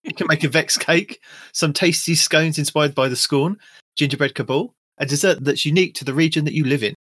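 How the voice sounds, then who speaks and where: A man's voice: on the high side, a little fast, fairly bright tone, dry recording, clean studio sound. A British man hosting a casual gaming podcast, reading out news with joking asides. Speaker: podcast host.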